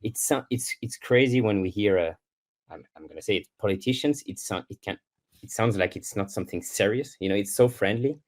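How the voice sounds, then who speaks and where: Deep-voiced Swiss French man, halting. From Switzerland. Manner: hesitant, many restarts and fillers, searching for English words. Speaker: guest curler. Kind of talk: casual podcast interview. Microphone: remote call connection.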